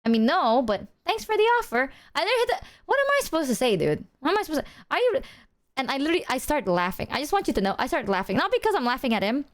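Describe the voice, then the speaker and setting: Bubbly high-voiced woman streamer. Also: very fast. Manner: animated, exaggerated retelling, swears freely. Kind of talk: casual storytelling to chat.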